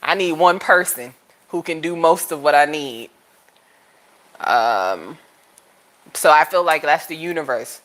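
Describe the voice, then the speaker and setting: A young adult woman chatting casually to camera as a tarot channel host, telling stories animatedly and jumping into high, playful voices for quoted lines. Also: a little slow, pauses often. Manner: animated storytelling, jumps to high-pitched voices for quoted lines, laughs often.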